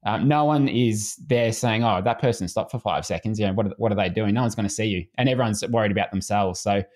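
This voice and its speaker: Man, swimming coach, casual podcast talk, relaxed. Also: lowish voice, quick pace. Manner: relaxed, easygoing, frequent restarts.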